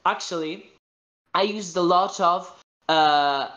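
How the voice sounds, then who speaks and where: A man's voice: high voice, slow, sharp tone, highs cut off. Italian man, roomy echo. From Italy. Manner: searching for words with many restarts in non-native English. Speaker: voice actor guest. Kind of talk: podcast interview chat.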